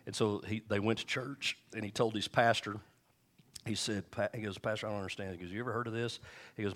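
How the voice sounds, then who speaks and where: A middle-aged male pastor preaching a sermon and telling stories, acting out quotes with shifting pitch and volume. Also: fairly bright tone.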